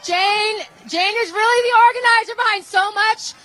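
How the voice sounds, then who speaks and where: A woman's voice: very high-pitched, a little fast, bright, forceful tone, faint music behind, a faint crowd, rough recording. A woman emcee at a rally who is losing her voice, upbeat as she introduces speakers.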